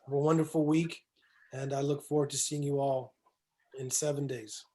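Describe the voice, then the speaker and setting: A man's voice: medium pitch, little pitch movement, normal speed, mellow. A man taking part in the session thanks the coach and gives farewell blessings over a call. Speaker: participant.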